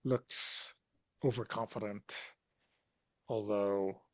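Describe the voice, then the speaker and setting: A man running a tabletop horror game as game master, reading the scene aloud in slow, even narration. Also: lowish voice, dry recording.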